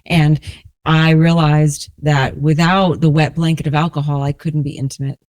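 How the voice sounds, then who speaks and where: A woman in her forties from New Orleans, a resilience coach telling her personal story as a podcast guest in a slow, reflective, earnest way. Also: low-pitched, little pitch movement, a little mellow, dry recording. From New Orleans, USA.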